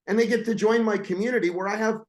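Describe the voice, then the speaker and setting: A man's voice: high-pitched, fairly even intonation, quick pace. A man coaching others, talking in a brash, swearing, salesman manner in casual podcast chat.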